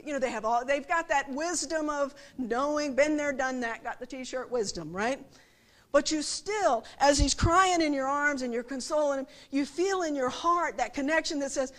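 High-voiced woman preaching conversationally. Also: lively intonation, normal speed, fairly bright tone. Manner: conversational, frequent rhetorical questions, acts out quotes. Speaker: speaker at a church service. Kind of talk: sermon.

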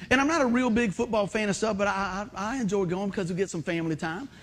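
A middle-aged pastor, speaking in a notably high voice. His sermon is folksy and conversational, full of jokes for the congregation and animated, shouted retellings of stories. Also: quick pace, slight background noise. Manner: animated storytelling, acts out shouts and exclamations.

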